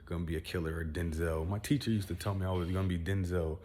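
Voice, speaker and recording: Deep-voiced man venting, boastful and profane. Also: fairly even intonation, fast, warm tone, slight background noise. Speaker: vlogger. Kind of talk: casual venting monologue.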